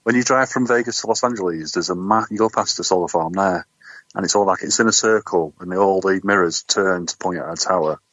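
A man's voice: low voice, quick pace, fairly bright tone, no echo, muffled recording. A man co-hosting a casual comedic chat, telling a sweary anecdote. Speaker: podcast co-host.

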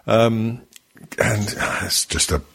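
Low husky bloke, swears a lot, laughs, rambles on his podcast. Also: slow, a bit bright. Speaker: podcast co-host. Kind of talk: casual banter.

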